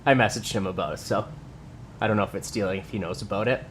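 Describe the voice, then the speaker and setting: A man's voice: on the low side, fast talker, a bit bright, slight background noise. A young man chatting casually on a livestream from his home workout space, reading viewer comments aloud and answering them. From Canada. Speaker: livestreamer and lifter.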